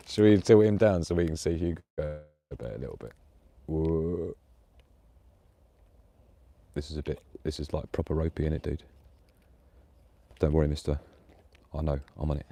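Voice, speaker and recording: A man's voice: low-pitched, moderate pace, pauses often, dark tone, a little hiss or hum. A man live-streaming casual chat outdoors in the woods at night, laughing often and cooing at his dog. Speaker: prepper vlogger.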